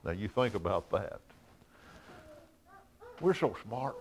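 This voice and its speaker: Preaching man, low voice, swelling emphasis. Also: sing-song, slow, long pauses, breathy edge. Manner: swells from quiet asides to loud, high-pitched emphasis; chuckles between points. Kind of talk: sermon.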